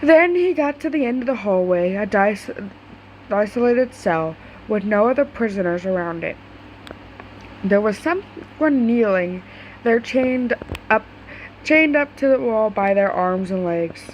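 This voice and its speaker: A woman's voice: medium pitch, lively intonation, unhurried, darkish tone, a little hiss or hum, poor audio. A woman casually reading a fan story aloud, stumbling over words now and then. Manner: casual, stumbling, swears in asides. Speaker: story reader.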